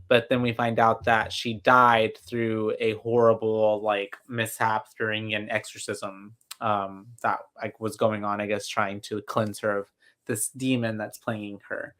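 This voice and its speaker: A man's voice: on the low side, level tone, unhurried, fairly bright tone. A man co-hosting a podcast over a video call, recapping a horror movie in rambling casual chat with lots of fillers and restarts. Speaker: podcast co-host.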